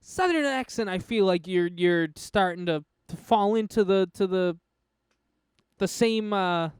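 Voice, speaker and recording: A man's voice: sits high, unhurried, smooth, no echo. A young American man with a General American accent, co-hosting a casual film podcast, emphatic and opinionated, often restarting his sentences. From United States. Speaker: podcast co-host.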